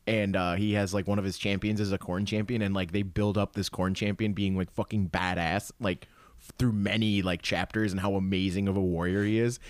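A man in casual chat, swearing freely and telling stories with animated energy. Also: low voice, brisk, dry recording. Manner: profane, animated storytelling.

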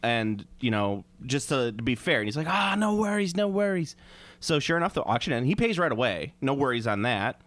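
A man's voice: medium pitch, lively intonation, a little fast, few pauses, fairly bright tone, no room sound. A man co-hosting a casual chat, telling crude mocking stories.

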